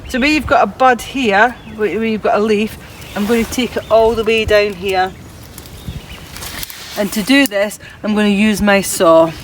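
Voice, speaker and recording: A woman gardening presenter walks through a pruning job in an outdoor border in a chatty, practical way, talking as she works. Her voice sits at a middling pitch. Steady outdoor noise and passing traffic are clearly heard behind her. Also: moderate pace, poor audio. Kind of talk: hands-on gardening demonstration.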